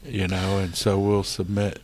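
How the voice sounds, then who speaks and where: Deep-ish guy podcast cohost, earnest chatty, lots of "you know". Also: completely flat delivery, measured pace, a little mellow, slight background noise. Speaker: podcast co-host. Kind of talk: casual spiritual recovery talk.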